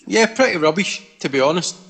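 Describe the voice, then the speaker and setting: Plain-spoken pastor on a video call. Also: male voice, sits high, animated, fairly quick, creaky, fairly bright tone, husky.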